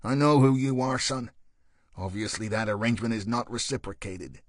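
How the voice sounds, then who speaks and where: A man voicing a gruff, hulking male sergeant with a deep, angry voice and an accent mixing East Coast American and Belfast. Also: moderate pace, no echo, clean studio sound, natural voice. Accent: mix of East Coast American and Belfast.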